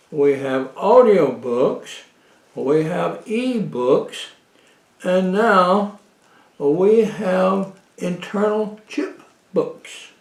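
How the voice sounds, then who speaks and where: A man walks through a home cooking demonstration at an unhurried pace, his high voice rising and falling as he talks. He rambles a little and slips in dry jokes. The sound is roomy, with a clear echo off the walls. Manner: slow, rambling, with frequent uh fillers and dry jokes. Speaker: cooking show host. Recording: echoey room.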